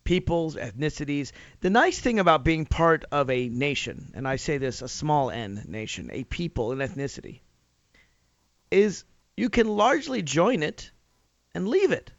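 This talk radio host from Nashville, Tennessee, US, delivers an opinion monologue full of rhetorical questions and rising emphasis. He speaks at a normal speed in a fairly high, sing-song voice. The sound is lo-fi, with no room sound.

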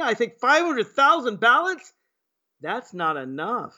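A man from Virginia hosts sarcastic live political commentary, firing off mocking rhetorical questions. His pitch swings widely and his tone is bright and sharp. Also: big pitch swings, fairly quick. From Virginia, USA.

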